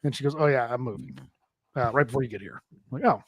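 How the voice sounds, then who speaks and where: Man, podcast co-host, quick rambling storyteller, salty language, dry close mic. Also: mid-range voice, slightly rough, no echo. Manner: rambling storyteller, swears a lot, acts out quotes. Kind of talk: casual podcast chat.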